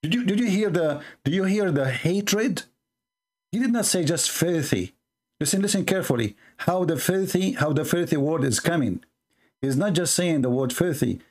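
A man with a slightly high, expressive, somewhat dark voice hosts live commentary on video clips at a moderate pace. As a religious commentary host, he sounds indignant and emphatic, repeating words for stress.

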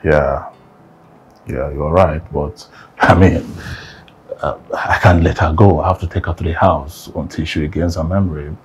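A man's voice: rumbling low, fairly even intonation, moderate pace, slight background noise. A man with a Nigerian accent playing a kind, stammering rich man who soothes a lost child. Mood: earnest. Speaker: rescuer. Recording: film soundtrack with loud music.

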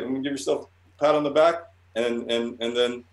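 A man's voice: medium pitch, fairly even intonation, moderate pace, few pauses. A man talking casually in an interview, rambling and swearing, often restarting his sentences. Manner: rambling, profane, with many restarts. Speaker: guest artist. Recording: roomy echo.

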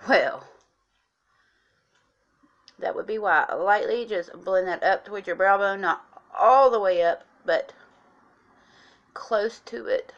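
A woman's voice: mid-range voice, slow pace, pauses often, dull audio. Chatty woman giving a makeup tutorial. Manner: chatty, instructive, addresses viewers as guys. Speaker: makeup vlogger.

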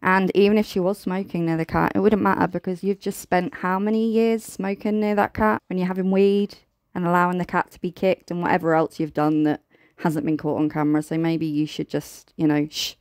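Brief: British woman host, blunt sarcastic commentary, lowish pitch, dry sound. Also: flat delivery, fairly quick, a little mellow, no room sound. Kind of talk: reaction commentary.

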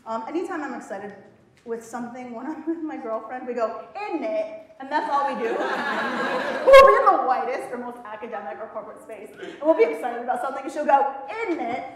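A woman's voice: high voice, expressive, fast talker, a crowd in the background. A woman poet performing spoken word in a college hall, with rhythmic, dramatic delivery and playful laughing asides to the audience. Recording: very echoey hall.

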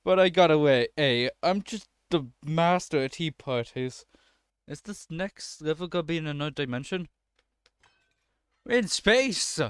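A man's voice: on the high side, normal speed, smooth, no room sound. A man doing let's-play commentary, swearing and breaking into frustrated outbursts at the game.

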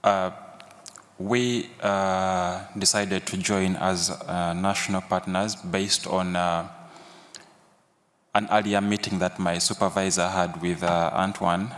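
Deep, monotone man from Uganda, halting panelist, hall reverb. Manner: halting, frequent uhs and restarts. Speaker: national partner panelist. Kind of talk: panel presentation. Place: large conference hall.

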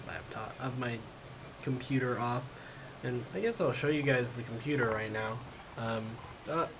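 A man vlogging at home, rambling in a frustrated way with lots of fillers and a voice he says is going. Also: medium pitch. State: losing his voice. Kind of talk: casual rambling vlog. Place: home room with his cat. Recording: noisy home recording.

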